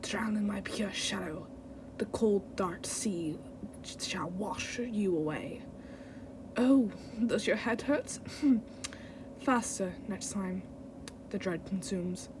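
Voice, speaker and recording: A woman voicing a menacing shadowy female spirit with a put-on Russian accent, taunting in a low, hushed whispered role-play. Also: takes it slowly, long pauses, a little hiss or hum, close to an everyday voice.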